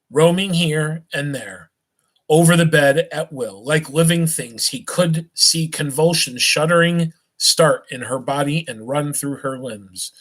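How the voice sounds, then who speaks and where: A man reading a novel aloud on a live stream, at an unhurried pace, stumbling and restarting now and then and stopping for small asides to his listeners. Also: a little high, fairly bright tone, rough recording. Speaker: reader.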